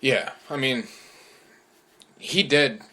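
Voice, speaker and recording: Blunt, bright-voiced podcast host. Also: male voice, mid-range voice, drawn-out words. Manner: blunt, laughing, swears often. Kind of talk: casual podcast chat.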